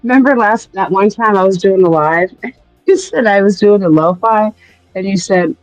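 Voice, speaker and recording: A woman's voice: mid-range voice, normal speed, no room sound, faint music behind, low-quality recording. A woman hosting a casual live stream from outdoors, talking to viewers and often dissolving into helpless, breathless laughter.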